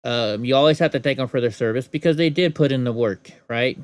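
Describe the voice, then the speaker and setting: A man's voice: medium pitch, fairly quick. A man hosting a casual show, commenting on news clips with sarcastic asides. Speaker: host reacting to clips.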